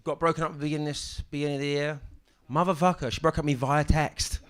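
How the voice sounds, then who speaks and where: A young man doing a stand-up set on a club stage, with a halting deadpan delivery full of ums and restarts. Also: a little high, clean tone. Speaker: stand-up comedian. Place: comedy club stage with audience. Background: audience laughter.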